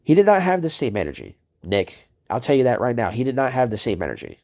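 Ranting, profane man with a mellow voice. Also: medium pitch, wildly swooping pitch, fast, gravelly. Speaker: video creator. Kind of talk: angry commentary on read-out chat messages.

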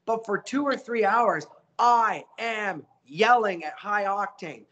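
Animated man telling voice-acting stories. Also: high voice, takes it slowly, lo-fi sound, a little hiss or hum. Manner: animated, acts out quotes, coaching. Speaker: voice actor guest. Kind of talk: casual interview storytelling.

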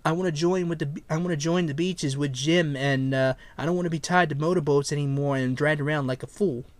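A man voicing a whiny old male prank caller who pleads in a rushed way. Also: fairly high pitch, steady tone, dry recording, close to an everyday voice. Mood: pleading.

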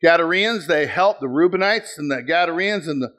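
A middle-aged male pastor preaching a sermon, telling stories with sudden shouted bursts and acted-out quotes. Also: a little high, brisk. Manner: animated storytelling, bursts into shouts, acts out quotes.

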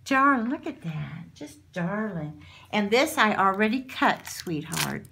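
Slow-talking woman, gushing. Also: medium pitch, sing-song, vocal fry, pushed and bright, a little hiss or hum. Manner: gushing, exclaiming over each item. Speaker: craft channel host. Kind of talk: casual unboxing chat.

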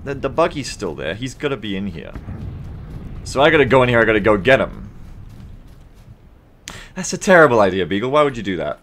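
An Australian man streams a game live and talks straight to his chat. His banter is profane and sarcastic, and his voice has a bright, forceful edge with a lot of rise and fall. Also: mid-range voice, sing-song, a little fast, pauses often, a little hiss or hum. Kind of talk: live gameplay stream chatting with viewers.

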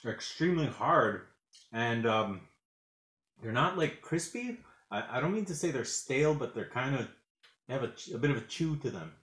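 A man's voice: mid-range voice, animated, moderate pace, fairly bright tone, roomy sound. A man doing a casual food review vlog at home, rambling and hesitant, with lots of fillers, talking while he eats. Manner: talks while eating. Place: home kitchen.

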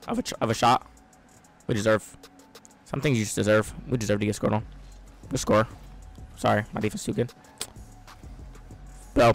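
A young man giving excitable, trash-talking live commentary on his own gameplay, swinging between loud outbursts and low mutters. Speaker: gaming streamer.

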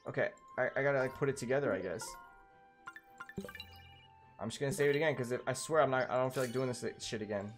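A man's voice: medium pitch, fast, pauses often, soft background music. A man giving casual, profane, joking commentary while playing a game and reading it aloud. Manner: profane, joking, laid-back. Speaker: game streamer.

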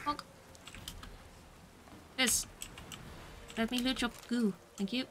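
A woman's voice: a little high, fairly even intonation, slow pace, noisy background. A woman streamer giving playful, chatty commentary while playing a game, often breaking into exclamations. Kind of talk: casual gameplay commentary.

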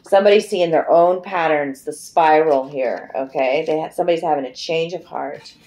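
A woman's voice: low voice, moderate pace, darkish tone. A middle-aged woman giving a casual, emotive tarot card reading, chatty and loose, swearing freely. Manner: chatty and emotive, breaks into singing. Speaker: tarot reader.

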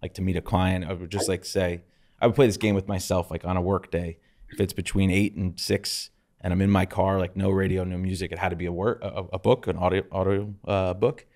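A man's voice: deep voice, flat delivery, brisk, darkish tone. A man hosting a podcast, upbeat and joking in casual chat. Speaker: podcast host.

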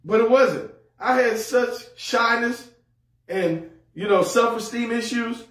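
A man's voice: extremely high pitch, slow pace, fairly bright tone. A man preaching a sermon as pastor, humorous and folksy, repeating words as he goes. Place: church sanctuary. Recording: echoey hall, mic far off.

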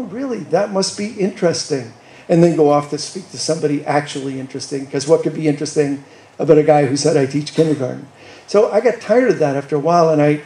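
Gravelly older man lecturing in a roomy hall. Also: fairly high pitch, dark tone. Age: 60s. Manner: wry, teasing, earnest. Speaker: guest speaker. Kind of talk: public lecture.

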